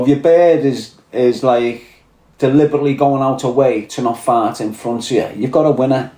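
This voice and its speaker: A man with a Scouse accent chats crudely on a livestream, reading out viewer comments and telling swaggering, profane, blunt stories. His voice is on the high side and a little mellow, with roomy echo.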